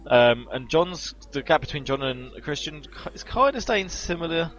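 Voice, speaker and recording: A man's voice: fairly high pitch, moderate pace, poor audio. A man giving live commentary on an online sim race, talking through gaps and tactics in a chatty, analytical way, with faint music behind. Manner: chatty, analytical, excited on incidents.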